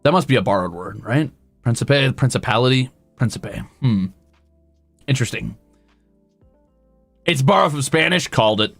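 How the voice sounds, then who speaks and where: Gravelly, animated male streamer. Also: medium pitch, moderate pace, pauses often, no room sound, faint music behind. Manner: rambling, self-deprecating, talks to chat. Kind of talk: casual livestream chat.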